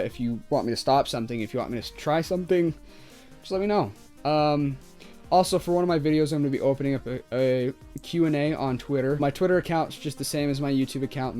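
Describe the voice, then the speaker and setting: A man's voice: mid-range voice, a little mellow. A man talking casually to camera as a YouTuber, ranting with lots of "like" and "um". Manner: casual, ranting, heavy use of "like" and "um". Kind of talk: ranting vlog commentary.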